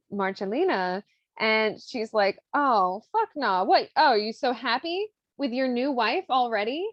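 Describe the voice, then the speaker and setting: A woman's voice: mid-range voice, dry recording, highs cut off. A woman podcast host casually retelling a story, chatty and swearing freely as she acts out the quotes. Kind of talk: casual retelling of an opera plot.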